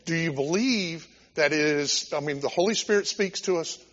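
A man's voice: fairly high pitch, normal speed, a bit bright. A male pastor preaching a sermon in a church sanctuary, impassioned and conversational, often restarting his sentences. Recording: dull lo-fi recording with long hall reverb.

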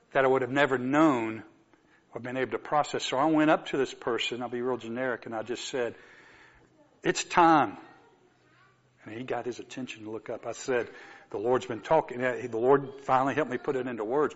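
A man preaching a sermon, telling a story and moving from soft asides to emphatic exclamations. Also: medium pitch, muffled recording.

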